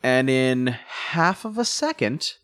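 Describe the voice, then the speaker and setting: Animated, jokey man co-hosting a podcast. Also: medium pitch, slow. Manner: animated, jokey recapping of scenes. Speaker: podcast co-host. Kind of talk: casual chat.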